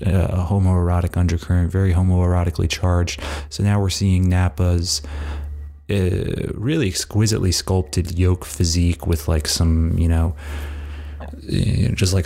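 A young man with a very low, gravelly voice tells a story in a loose, rambling way. His talk is crude and joking, and he fills it with "like" and restarts as he goes. He sounds like a casual comedy host riffing. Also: warm tone. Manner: rambling and crude, heavy with "like" fillers.

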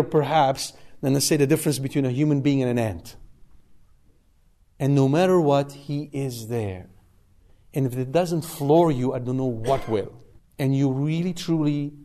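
A man's voice: on the high side, mellow. A man preaching a sermon to a live congregation in a conversational way, asking rhetorical questions and checking in with "okay?". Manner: conversational, asks rhetorical questions with tag 'okay?'.

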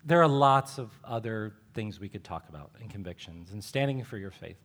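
Animated man preaching a sermon. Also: lowish voice, brisk. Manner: animated, acts out dialogue with rising emphasis. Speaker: pastor.

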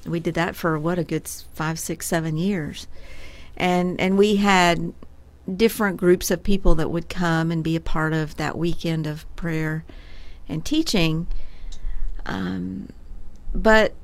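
A woman's voice: on the low side, fairly even intonation, a little slow. Earnest woman co-hosting ministry radio. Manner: earnest, with stammered restarts. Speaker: co-host of a prayer ministry radio show. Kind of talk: casual chat.

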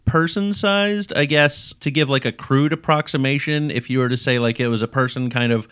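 Man running a tabletop game, middling pitch. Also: normal speed, a bit bright, clean tone. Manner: casual, stop-start explaining. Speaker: game master.

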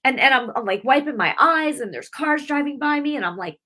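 A woman's voice: high-pitched, animated, brisk, sharp tone. A middle-aged woman preaching on her weekly broadcast, telling a personal testimony in an emotional, rambling way with many restarts. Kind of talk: heartfelt sermon with personal testimony.

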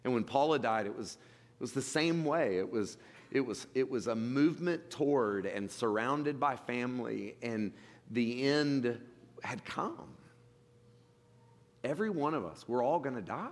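A man preaching a sermon in a relaxed, conversational way, often restarting phrases as he talks. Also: medium pitch, unhurried. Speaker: pastor. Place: church sanctuary. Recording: long hall reverb.

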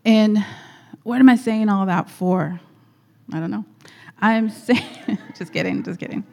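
A woman's voice: medium pitch, a little slow, gravelly, a little mellow. A woman telling a personal story at church, chatty and rambling with frequent laughs. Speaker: guest speaker at church. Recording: echoey hall.

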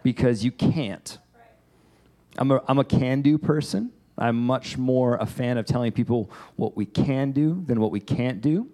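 A man giving a casual, conversational sermon, animated and chatty as he acts out a Bible story. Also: mid-range voice, unhurried. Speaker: pastor.

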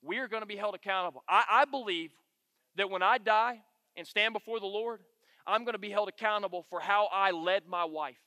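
A middle-aged man, leading a men's Bible study with animated, emphatic storytelling and repeated key phrases. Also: sits high, brisk, no room sound. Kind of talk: storytelling sermon to a men's group.

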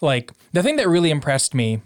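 A young man joking around in a relaxed chat, teasing and laughing easily, his pitch jumping high and low. The voice sits close and dry on the mic. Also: fairly quick, dry recording. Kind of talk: casual chat.

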